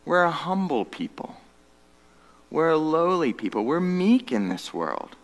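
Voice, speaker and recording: Man, pastor preaching a sermon, animated intonation, long hall reverb. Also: unhurried. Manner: earnest preaching, swings from loud emphasis to hushed low tones.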